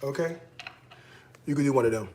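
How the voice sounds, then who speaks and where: A man's voice: mid-range voice, brisk, a little mellow, roomy sound. A man from Chicago hosting a casual cooking show, chatting straight to his viewers in a playful, teasing way.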